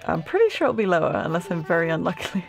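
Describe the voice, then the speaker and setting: A young woman hosting a gaming channel, giving casual, giggly and excitable commentary while she plays, laughing often. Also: fairly low pitch, fast talker, gravelly, faint music behind.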